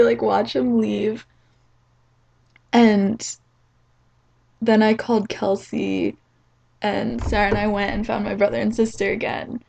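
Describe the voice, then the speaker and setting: An eighteen-year-old woman from New Jersey telling a rambling, excitable story to camera, full of "like.". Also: medium pitch, creaky, low-quality recording. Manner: rambling and excitable, fillers like "like" everywhere. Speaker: vlogger.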